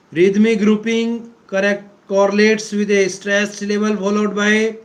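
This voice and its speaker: A man giving a deliberate English pronunciation lesson, repeating key words for emphasis and clearing his throat often. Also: high voice, low-quality recording. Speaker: English teacher. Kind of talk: slow explanatory lecture.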